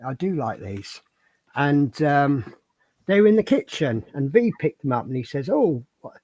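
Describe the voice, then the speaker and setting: A man's voice: a little high, sing-song, moderate pace, a little mellow, no room sound. A man hosting a livestream, chatting casually and telling rambling anecdotes. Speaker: livestream host. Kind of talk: casual chat and storytelling.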